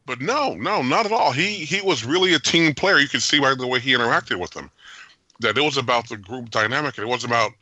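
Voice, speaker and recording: A man hosting a podcast, giving an animated, jokey and opinionated movie review with frequent laughs. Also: mid-range voice, quick pace, no room sound. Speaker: podcast host. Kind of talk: casual movie review chat.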